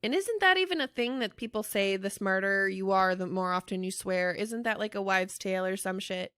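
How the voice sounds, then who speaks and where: A woman co-hosting a casual podcast, talking with animated conviction and cursing freely. Her voice is bright and forceful, with a medium pitch. The sound is dry and close, with no room behind her. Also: fairly quick, clear, resonant tone, dry recording. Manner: animated, swears freely, laughs loudly. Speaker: podcast co-host. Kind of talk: casual chat.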